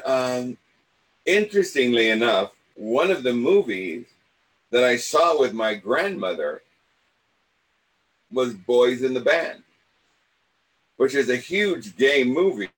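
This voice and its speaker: An older man telling a rambling personal story in a casual, animated way. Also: mid-range voice, unhurried, low-quality recording. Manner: rambling, animated, acts out quoted voices.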